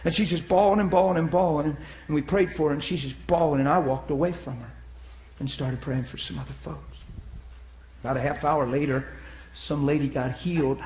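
A man preaching a sermon, telling stories and acting out the voices of the people in them, swinging from loud outbursts to hushed tones. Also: on the high side, fairly even intonation, fairly quick. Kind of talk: sermon storytelling. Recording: echoey room.

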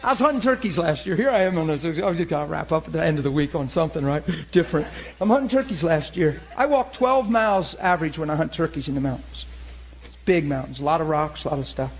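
A man in his forties, a preacher telling hunting stories in a lively, laughing sermon style. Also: fairly high pitch, fast talker. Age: 40s. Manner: animated, laughing storyteller. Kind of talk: sermon storytelling.

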